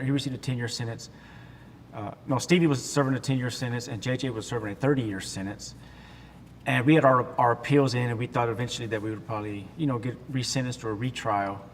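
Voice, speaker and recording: Man telling his story in a reverberant hall. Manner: halting, with many restarts, acting out the voices of people in his story. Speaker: guest sharing his testimony. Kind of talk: emotional personal storytelling in an interview. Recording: long hall reverb with faint rumble.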